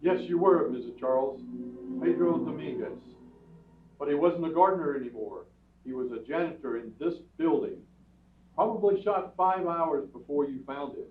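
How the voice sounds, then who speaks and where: A man's voice: fairly high pitch, normal speed, faint music behind, natural voice. A man playing a matter-of-fact police lieutenant questioning a couple in a radio play. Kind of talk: community radio theatre acting. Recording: echoey hall, far from mic, phone-like.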